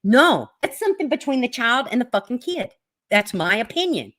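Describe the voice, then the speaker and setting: A woman's voice: on the high side, big pitch swings, normal speed, a bit bright. Angry swearing woman ranting at news. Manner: profane, angry, exasperated. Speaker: vlogger reacting to news. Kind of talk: ranting commentary vlog.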